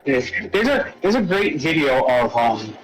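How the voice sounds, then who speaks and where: A man co-hosting a casual podcast, talking haltingly with many pauses and filler words. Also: mid-range voice, sing-song, over music, rough recording. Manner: halting, full of fillers and restarts. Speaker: podcast co-host. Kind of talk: casual conversation.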